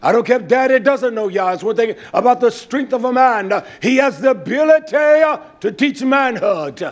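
A man preaching a sermon, emphatic and rising at times to shouts. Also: very high voice, lively intonation, moderate pace.

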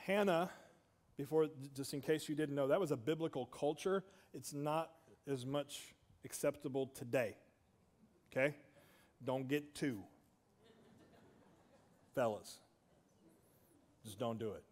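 A man's voice: medium pitch, measured pace, long pauses, a little mellow, big-room sound. A man preaching a sermon in a church, conversational, with asides to the congregation. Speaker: pastor. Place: church sanctuary.

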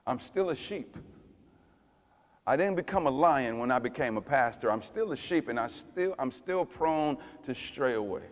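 A man preaching a sermon as pastor, swinging from loud fiery passages to hushed tender ones. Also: mid-range voice, lively intonation, normal speed, big-room sound.

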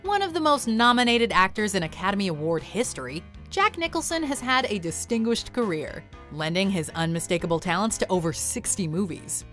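A woman's voice: medium pitch, fairly quick, hardly any pauses, faint music behind. A woman narrating a countdown video in an upbeat scripted style. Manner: upbeat, lively list presenting.

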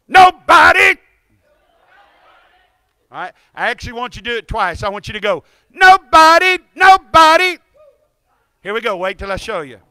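A man playing guitar at a church service, telling a folksy, joking testimony and leading the congregation in call-and-response, speaking into a stand microphone. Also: on the high side. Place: church sanctuary, in front of a congregation.

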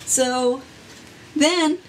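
A woman's voice: high voice, drawn-out words. Giggly woman retelling a fairy tale. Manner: giggly, acts out lines. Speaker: podcast co-host. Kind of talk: casual comedic storytelling.

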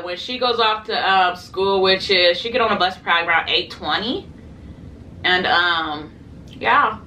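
A woman's voice: lowish voice, sharp tone. A young woman chatting to camera on her eating show, rambling casually with lots of fillers, talking to her viewers. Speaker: mukbang and reaction channel host. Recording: slightly distant mic with faint room noise.

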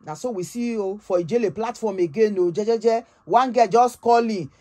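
A woman with a Nigerian accent hosting a gossip channel, retelling a story in a dramatic, animated way with frequent exclamations. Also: mid-range voice, moderate pace. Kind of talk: casual storytelling gist in Pidgin.

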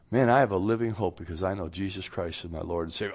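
A man's voice: deep voice, fast talker, hardly any pauses. A man preaching a radio sermon as pastor, down-to-earth and folksy, sometimes acting out both sides of imagined everyday conversations.

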